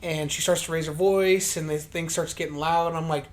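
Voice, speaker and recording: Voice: mid-range voice, fairly even intonation, fairly quick, hardly any pauses. A podcast co-host telling a story in casual chat, rambling and profane with lots of fillers, acting out their own past remarks in a livelier voice.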